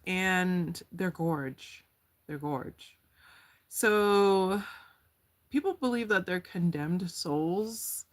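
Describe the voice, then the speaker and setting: This woman's voice sits on the low side and comes across pushed and bright. She's doing a casual tarot reading, chatty and full of slang, laughing easily and wandering off on tangents.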